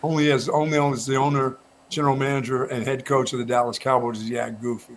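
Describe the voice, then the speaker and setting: A man's voice: mid-range voice, fast talker. Male sports radio co-host, casual rambling delivery, light background noise. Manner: relaxed storytelling, frequent restarts. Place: radio studio.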